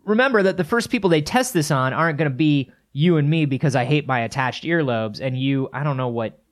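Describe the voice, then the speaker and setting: Male co-host, casual banter, profane and rambling, slightly high voice. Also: lively intonation, fairly quick. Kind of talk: casual chat.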